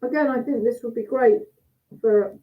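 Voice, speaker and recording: A woman judging cheese speaks at normal speed with a fairly high pitch. Over the tinny, phone-like video call she chats away, thinking aloud as she cuts and tastes.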